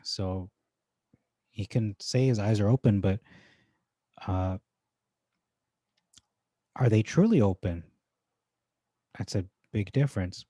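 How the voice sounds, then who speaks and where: A man casually going through Bible verses one by one, thinking aloud with frequent pauses and restarts. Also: lowish voice, animated, warm tone, no room sound. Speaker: Bible teacher. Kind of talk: informal verse-by-verse scripture comparison.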